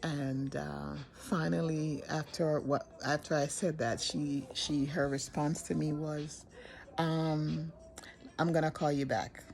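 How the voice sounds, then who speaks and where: Earnest older woman with a gravelly voice. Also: low-pitched, flat delivery, a little mellow. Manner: earnest, halting, emotional, with many restarts. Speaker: vlogger telling her coming-out story. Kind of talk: personal storytelling to camera.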